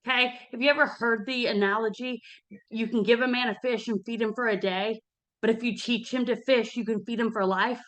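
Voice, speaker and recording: A woman's voice: fairly high pitch, fairly even intonation, brisk, a bit bright. Earnest woman giving money advice. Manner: earnest, emphatic, often checks in with "okay?". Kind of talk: casual motivational talk.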